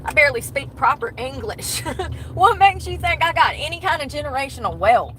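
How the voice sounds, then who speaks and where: A woman's voice: high-pitched, lively intonation, normal speed, fairly bright tone, low-quality recording. A middle-aged woman, chatting and laughing often on a livestream from her car. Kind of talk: casual chat while driving. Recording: car and road noise behind.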